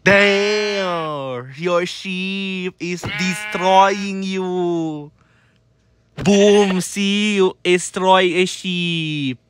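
Very slow, scolding comedy narrator. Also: mid-range voice, fairly even intonation, fairly bright tone, smooth. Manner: scolding, repeats the same warnings over and over. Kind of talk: repetitive scolding commentary over gameplay.

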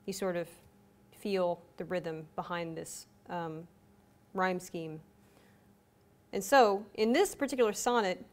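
Young woman teaching poetry, kinda low voice, lots of ums, laid back. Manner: casual, relaxed with frequent ums and uhs. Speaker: writing instructor. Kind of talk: instructional video explanation.

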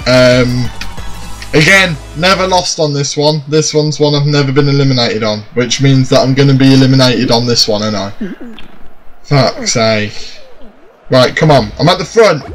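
High-voiced gamer, unhurried. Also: male voice, expressive, faint music behind. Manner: frustrated, swears and shouts at the game. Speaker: gaming YouTuber. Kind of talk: let's play commentary.

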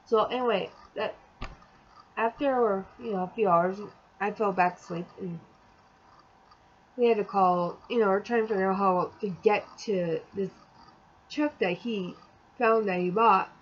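A woman's voice: mid-range voice, lo-fi sound, slight background noise. Exasperated woman rambling through a story. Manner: rambling and exasperated, acts out quotes. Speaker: vlogger. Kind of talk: storytime vlog, casual chat.

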